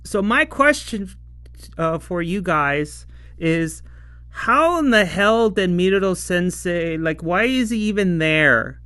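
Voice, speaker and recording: A man's voice: sits high, expressive, slow pace, pushed and bright, clean tone, no echo. A man casually reviewing a TV episode, rambling and laughing often as he acts out the lines. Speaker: show reviewer.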